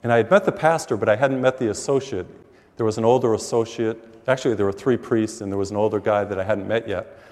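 A man who is a priest, giving a sermon and telling stories, acting out the dialogue with lively energy. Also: fairly low pitch, fast talker. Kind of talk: sermon with storytelling. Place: church, taped for TV. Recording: long reverb of a church hall.

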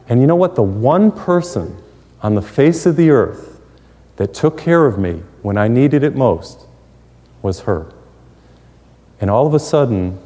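A man's voice: lowish voice, dark tone. A middle-aged man preaching a sermon, telling folksy stories with humorous asides. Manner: folksy storytelling with jokes and asides. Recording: long hall reverb.

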